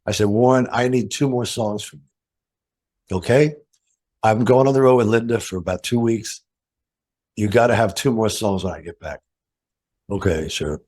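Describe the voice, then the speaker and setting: Older man, lowish voice, interview guest, animated storyteller, acts out quotes. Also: moderate pace.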